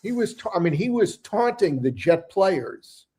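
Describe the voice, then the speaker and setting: A man's voice: high voice, big pitch swings, unhurried, dark tone, slightly rough. Earnest, long-winded man. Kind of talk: casual sports chat.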